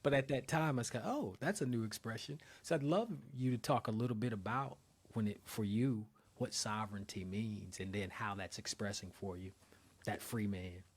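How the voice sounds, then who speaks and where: A male podcast host asking questions in an easy, thinking-aloud manner. His voice is low with a husky edge. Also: moderate pace. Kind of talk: conversational interview.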